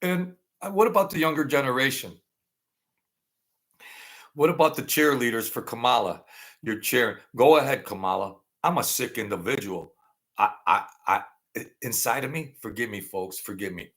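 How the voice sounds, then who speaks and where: A middle-aged man with a gravelly voice, ranting angrily and profanely in a rambling political monologue. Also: mid-range voice, normal speed. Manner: angry, profane, rambling rant with sudden loud outbursts. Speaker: political commentary vlogger.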